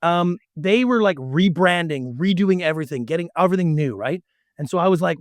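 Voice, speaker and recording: A middle-aged man telling a story as an interview guest, animated and acting out the dialogue. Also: on the high side, a little fast, no room sound, clean studio sound. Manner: animated, acts out quoted dialogue. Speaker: podcast guest.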